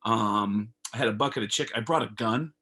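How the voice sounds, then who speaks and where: Profane comedian telling a story. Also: male voice, on the low side, brisk, breathy edge. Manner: animated, profane, acts out dialogue. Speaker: comedian guest. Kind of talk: casual storytelling. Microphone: video call.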